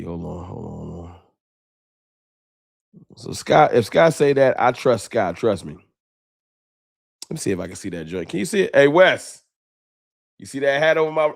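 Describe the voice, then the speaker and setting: A man's voice: medium pitch, no echo, clean studio sound. A man hosting a late-night sports fan livestream, talking off the cuff with emotion and slang. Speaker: sports fan show host.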